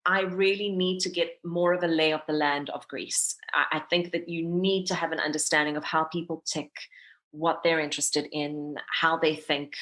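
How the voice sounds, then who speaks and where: A woman's voice: low-pitched, fairly bright tone. A South African woman in her thirties, a radio presenter, chatting candidly as a podcast guest and laughing often. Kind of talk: casual interview chat.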